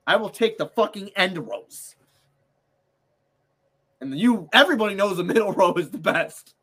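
A man's voice: high voice, animated, normal speed, fairly bright tone, slightly rough. A man co-hosting a sports podcast, ranting heatedly and swearing a lot. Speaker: podcast co-host. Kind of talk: casual sports podcast banter.

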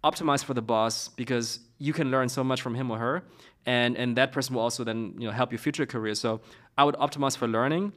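A man's voice: medium pitch, steady tone, fast talker, fairly bright tone. Hesitant man answering interview questions. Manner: hesitant, many fillers and restarts. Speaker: guest, startup co-founder.

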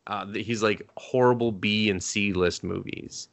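A man's voice: lowish voice, fairly even intonation, normal speed. A young man co-hosting a podcast, rambling loosely and swearing freely as he retells scenes. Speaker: podcast co-host. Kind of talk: casual chat recapping anime.

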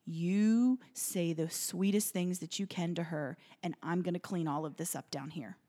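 Flight attendant, female, calm and firm, soothing and quiet, put on by a woman telling a story. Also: fairly low pitch, fast talker. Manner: soft, steady, reassuring.

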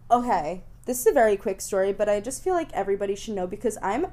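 A woman's voice: mid-range voice, animated, fast, warm tone. A young woman in her twenties co-hosting a podcast, chatting casually and animatedly with jokes and casual swearing. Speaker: podcast co-host. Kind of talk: casual chat.

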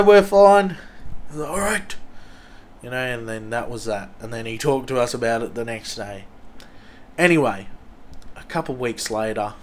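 A young man with an Australian accent hosting a podcast, telling rambling stories full of swearing and loudly acted-out quotes. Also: medium pitch, a little hiss or hum. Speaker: podcast host. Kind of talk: casual storytelling.

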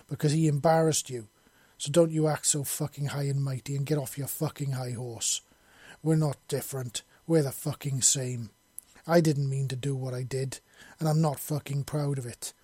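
A man's voice: fairly high pitch, warm tone, dry recording, voice pushed up, close to an everyday voice. A man voicing an injured young woman who speaks weak and wheezing but still angry in a fantasy audiobook.

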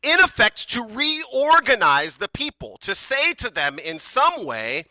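A woman delivers a sermon in an easygoing, conversational manner and breaks into playful asides. Her voice is piercingly bright and swings widely in pitch. The sound is dry and close. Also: big pitch swings, unhurried, no echo. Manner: casual, conversational, joking asides. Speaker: preacher.

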